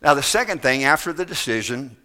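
A man preaching a sermon in a folksy, emphatic way, swinging between loud bursts and soft, low phrases. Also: animated, a little fast. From United States.

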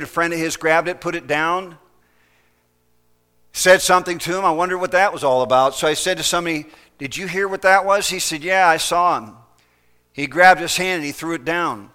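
Male preacher, fairly high, bright clear voice, urgent evangelistic sermon with acted-out quotes. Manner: urgent, pleading.

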